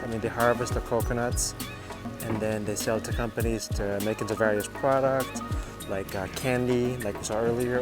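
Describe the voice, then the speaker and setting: A man's voice: lowish voice, low-quality recording. A man filming a casual travel vlog outdoors along a river, talking loosely to the camera with lots of fillers and restarts. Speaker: travel vlogger.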